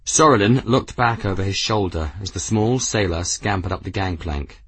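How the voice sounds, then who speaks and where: Low, husky male audiobook narrator. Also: normal speed, fairly bright tone, dry recording. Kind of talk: scripted narration.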